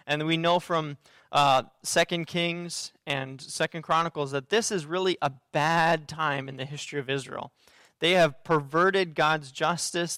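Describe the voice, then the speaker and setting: A man's voice: on the high side, sharp tone, dry recording. Earnest man preaching, dry close sound. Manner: earnest, conversational preaching with frequent fillers and restarts. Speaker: pastor. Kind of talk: sermon.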